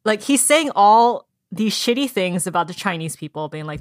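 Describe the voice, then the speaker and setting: A woman's voice: mid-range voice, moderate pace, few pauses, no room sound, studio quality. A woman in casual chat about a book, retelling scenes with lots of fillers and acting out the characters' lines. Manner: animated storytelling, acts out characters' lines. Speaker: book discussion co-host.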